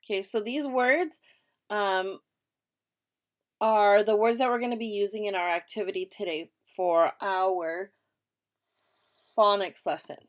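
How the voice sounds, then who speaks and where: A woman's voice: mid-range voice, a little slow, pauses often, low-quality recording. A woman teacher giving a remote reading lesson to young children, patient and step-by-step, often checking in with "right?".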